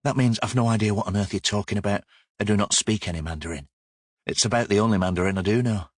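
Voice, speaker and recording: A man voicing a cheeky young female detective with a Yorkshire accent, quick and playful. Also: lowish voice, no echo, clean studio sound, lightly acted. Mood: teasing.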